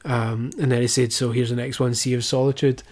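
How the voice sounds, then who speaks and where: A man's voice: medium pitch, level tone, a little fast, darkish tone. A man hosting a casual podcast chat, sarcastic, swearing and laughing often. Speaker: podcast host.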